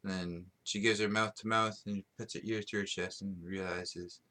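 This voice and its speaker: Low-voiced man rambling on a podcast. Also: fairly even intonation, normal speed, sharp tone. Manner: rambling, many ums and restarts, laughs at himself. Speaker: podcast host. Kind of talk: casual solo podcast rambling.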